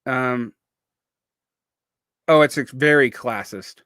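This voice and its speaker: A man's voice: medium pitch, slow pace, a bit bright, smooth, no room sound. A man of about forty, from the Southern United States, with a faint Southern accent and a speech impediment that blurs his r, l and w sounds, talking in a rambling, digressive vlog monologue full of restarts. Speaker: vlogger. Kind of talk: casual monologue.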